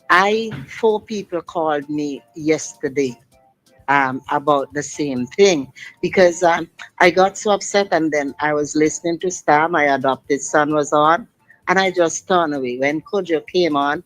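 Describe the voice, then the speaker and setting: Over a poor phone line, a deep-voiced middle-aged woman on a call-in radio show talks passionately and emphatically in long sentences.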